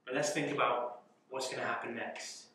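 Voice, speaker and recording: A young man leading a youth Bible study, teaching in an animated way with rhetorical questions and frequent chuckles. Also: medium pitch, moderate pace, slight background noise. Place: church youth room. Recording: echoey room, mic far off.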